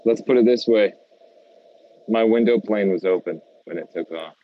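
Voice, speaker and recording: A man's voice: fairly low pitch, moderate pace, narrow, tinny audio. A young American man co-hosting a casual podcast, laid-back and saying "dude" a lot. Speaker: podcast co-host.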